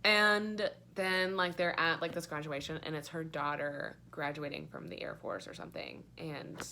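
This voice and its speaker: A woman's voice: low-pitched, expressive, moderate pace, gravelly, bright, forceful tone, a little hiss or hum. A young woman giving a casual, rambling book review, sarcastic and full of fillers and swearing.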